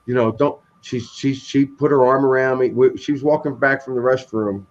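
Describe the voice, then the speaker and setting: Guy rambling thru a story on a livestream, animated, mid pitch, kinda muffled lo-fi sound. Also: normal speed. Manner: rambling, animated, frequent restarts. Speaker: live-stream host. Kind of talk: casual storytelling chat.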